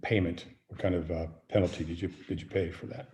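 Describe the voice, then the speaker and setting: A man hosting a casual interview, throwing in quick, jokey interjections. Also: deep voice, steady tone, mellow. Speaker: podcast host. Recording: roomy echoey room.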